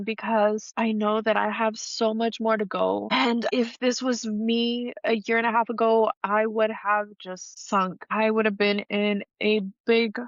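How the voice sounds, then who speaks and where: A woman's voice: medium pitch, a bit bright, no echo. A woman hosting a faith-based podcast, speaking earnestly and vulnerably about her struggles, close to tears at times. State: emotional, near tears. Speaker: podcast host. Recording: dull, dry lo-fi audio.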